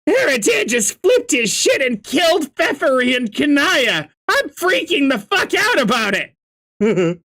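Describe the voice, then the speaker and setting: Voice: medium pitch, huge pitch swings, measured pace, a bit bright, pitched above the performer's own voice, exaggerated voice. A reader voicing a panicky young male alien troll who swears shrilly and frantically. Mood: panicked.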